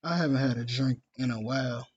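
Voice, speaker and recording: A man's voice: medium pitch, fairly quick, breathy edge. A man hosting a casual livestream, talking bluntly and cursing freely. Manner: blunt and profane. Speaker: livestream host. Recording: dull lo-fi stream audio.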